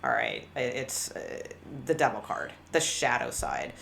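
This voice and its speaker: Low-voiced woman reading tarot, blunt. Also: big pitch swings, unhurried, creaky, fairly bright tone, slight background noise. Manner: candid, blunt, rambling with many restarts. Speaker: tarot reader.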